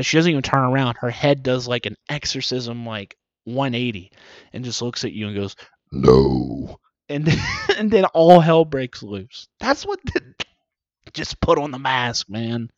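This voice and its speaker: A man's voice: mid-range voice, no room sound. A man delivering a profane comedic rant with mocking asides, swearing often. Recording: dull lo-fi dry recording.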